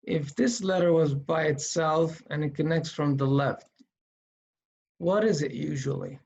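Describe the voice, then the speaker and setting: A man teaching Quran reading in a slow, step-by-step tutorial, patiently thinking aloud as he writes. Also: a little high, creaky, darkish tone.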